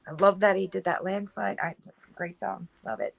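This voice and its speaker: Gravelly woman co-host, playful. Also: medium pitch, steady tone, a little fast, no echo. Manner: playful short interjections. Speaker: guest co-host. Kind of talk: casual live show chat.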